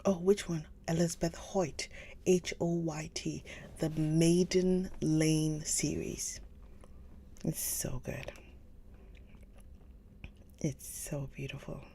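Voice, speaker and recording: Low, gravelly woman chatting softly. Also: steady tone, slow pace, pauses often, slight background noise. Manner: chatty, gushing, often drops to a soft whisper. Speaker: livestream book reader host. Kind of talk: casual chat with live chat viewers.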